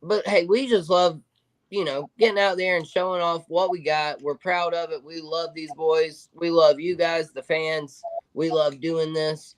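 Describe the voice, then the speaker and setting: Upbeat man with a higher voice. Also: fairly even intonation, unhurried, low-quality recording. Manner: upbeat, hype, sign-off energy. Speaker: podcast co-host. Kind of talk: casual sports podcast chat.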